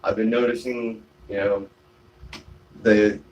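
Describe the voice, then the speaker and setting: A man's voice: fairly low pitch, little pitch movement, slow. Rambling man chatting on a porch. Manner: rambling, many fillers and restarts. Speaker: live streamer reading viewer comments. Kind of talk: casual live-stream chat. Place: outdoors on a shaded home porch.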